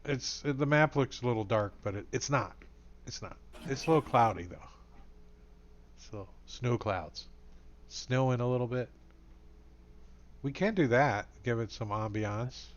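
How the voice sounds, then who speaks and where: A man's voice: mid-range voice, a little slow, pauses often, dull audio. A man running a tabletop game as game master, talking casually and rambling with many fillers.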